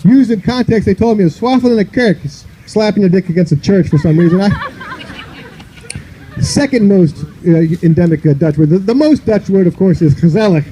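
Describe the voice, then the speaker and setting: High-voiced rambling male stand-up comic. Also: expressive, brisk, warm tone, lo-fi sound. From northern United States. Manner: rambling, loose delivery full of "you know". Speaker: stand-up comedian. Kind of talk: stand-up comedy set. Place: outdoor park stage.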